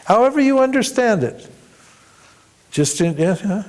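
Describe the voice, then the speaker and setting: A man's voice: sits high, very animated, unhurried, noisy background. A man teaching a workshop on devotion, with chuckling asides and frequent rhetorical "huh?" as he tells stories. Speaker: spiritual teacher.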